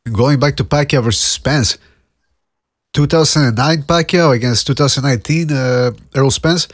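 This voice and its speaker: A man talks in a casual podcast chat with a husky, slightly breathy voice. He is blunt, profane and quick to joke, and the sound is dry and close. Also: medium pitch, no echo. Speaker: podcast host.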